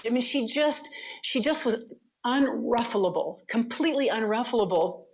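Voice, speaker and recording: A woman, a guest on an interview podcast, telling her story in a lively, conversational way and laughing often. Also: fairly high pitch, normal speed, creaky, highs cut off. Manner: animated, laughs often, retells quotes.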